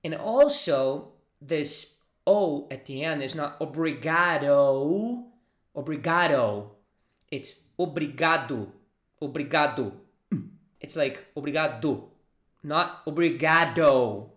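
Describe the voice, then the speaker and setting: Slow, patient Brazilian man teaching phrases. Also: fairly high pitch, a bit bright. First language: Portuguese. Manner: patient, drills phrases for the listener to repeat. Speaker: language teacher. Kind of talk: language lesson. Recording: roomy echo.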